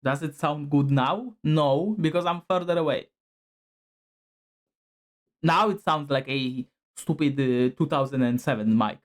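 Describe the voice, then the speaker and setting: A man's voice: on the high side, measured pace, long pauses. A male streamer chatting casually while testing his desk microphone, rambling with lots of fillers and drifting closer to and farther from the mic. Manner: rambling, filler-heavy, moves toward and away from the mic. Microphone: desk microphone, distance shifting.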